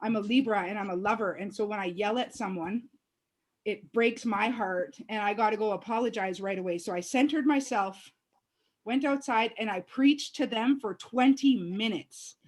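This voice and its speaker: A woman telling a story in casual chat, excitable and profane, shouting the heated moments. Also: medium pitch, moderate pace.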